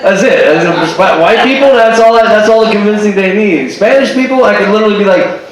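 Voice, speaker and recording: A man doing a stand-up comedy set, animated and throwing in character voices and Spanish phrases. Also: high voice, fairly quick. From Cuban family. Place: stage at a live show with audience. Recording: echoey room, distant live recording with crowd. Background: audience laughing.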